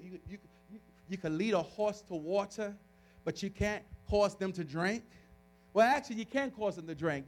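Man, pastor, high voice, sermon, animated storytelling, restarts and laughs.

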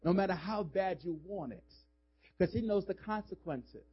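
A man's voice: high-pitched, lively intonation, moderate pace, husky. A male pastor preaching a sermon in a church, urging the congregation with emphatic calls and slipping into casual, joking asides. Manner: emphatic, call-and-response urging. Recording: dull lo-fi sermon audio.

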